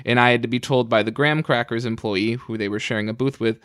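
A man co-hosting a podcast, telling excited, joking stories in casual chat. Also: mid-range voice, fast talker, few pauses, no room sound, studio quality. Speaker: podcast co-host. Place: convention.

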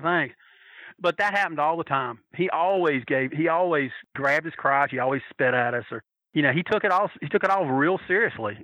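A man telling a story in a casual, animated way, swearing freely and acting out the voices of the people he quotes. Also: fairly high pitch, no room sound, low-quality recording. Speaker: storyteller recalling wrestling fan days.

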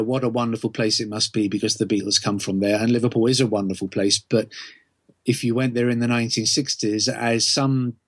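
An author being interviewed as a guest speaks in a medium-pitched voice with no room sound. He explains things at length in a measured, thoughtful way, with frequent ums and restarts.

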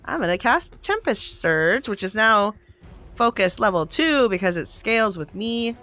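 A woman playing a tabletop game, chatty and excitable, laughing often as she explains her character's actions. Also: mid-range voice, a little slow, faint music behind. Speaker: player. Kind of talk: casual tabletop game play.

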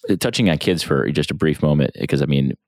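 A man hosting a podcast interview, warmly affirming his guest's points before steering to the next topic. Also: very deep voice, fast, dry recording, clean studio sound. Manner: encouraging, affirming listener. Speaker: podcast host. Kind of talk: casual interview.

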